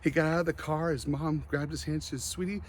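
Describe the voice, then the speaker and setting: A man giving an emotional motivational speech, earnest, with dramatic pauses and a slight stutter. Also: fairly high pitch, level tone, slight background noise. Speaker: motivational speaker.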